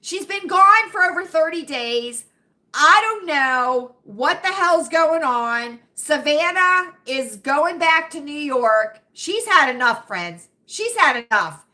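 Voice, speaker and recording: A woman's voice: high voice, sing-song, slow, bright, forceful tone. An American woman hosting a casual livestream chat, talking dramatically to her viewers and calling them friends. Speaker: livestream host.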